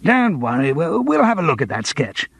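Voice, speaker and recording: A man playing a jittery producer for an audiobook, his voice rising high as he hurries to calm a quarrel. He stumbles over his words, soothing and hesitant, in a husky tone. The recording is dry and close. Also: moderate pace, no room sound, full character voice. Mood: placating. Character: placating middle-aged male TV producer.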